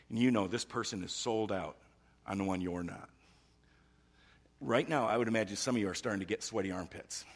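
A middle-aged man preaching a sermon, swinging from loud, urgent emphasis down to a hushed near-whisper. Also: fairly low pitch, breathy edge. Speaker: pastor.

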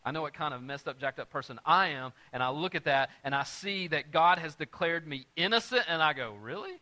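A man preaching a sermon as pastor, telling a personal story and swinging from quiet, conversational storytelling to loud, emphatic preaching. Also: fairly high pitch, a little fast.

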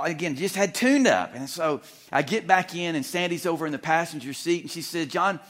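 Animated, chuckling middle-aged man preaching. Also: on the high side. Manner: animated, humorous, chuckling, self-deprecating storyteller. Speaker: guest preacher. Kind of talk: storytelling sermon. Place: church sanctuary.

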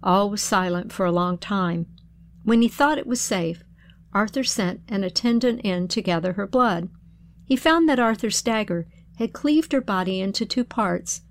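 A woman whose voice is mid-range tells an old folk tale, her delivery measured and expressive like a storyteller's. She then muses on its meaning, and the audio has no echo.

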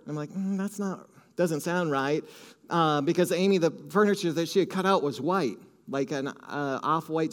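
A man from Minnesota with a light Minnesota accent, preaching and telling a story with lively acted-out quotes. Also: a little high. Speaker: pastor. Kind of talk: sermon storytelling.

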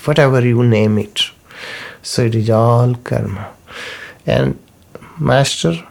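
Slow gravelly man teaching. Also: mid-range voice, a little mellow. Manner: unhurried, repeats key terms, non-native phrasing. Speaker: spiritual teacher. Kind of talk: slow spoken teaching talk.

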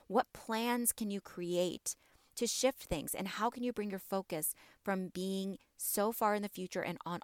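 A woman's voice: medium pitch, no room sound, studio quality. A woman hosting a wellness podcast, speaking encouragingly and directly to her listeners. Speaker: podcast host.

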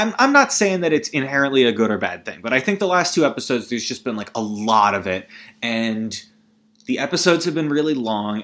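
A man hosts a solo comedy podcast, rambling and putting himself down. He sounds weary and low, lurching between loud outbursts and mumbling.

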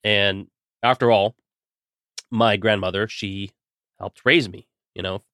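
A man hosting a solo podcast, talking earnestly and warmly straight to his listeners while he is getting over a cold. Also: on the low side, steady tone, slow, no echo, clean studio sound. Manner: earnest, heartfelt, speaks directly to listeners. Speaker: podcast host.

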